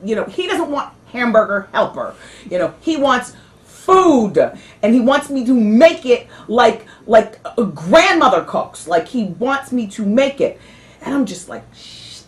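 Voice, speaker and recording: A woman's voice: a little high, big pitch swings, a little slow. A middle-aged woman hosting a talk show, chatting candidly and rambling, her talk full of "you know" and "like". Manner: candid, dramatic storytelling. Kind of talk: casual after-show chat.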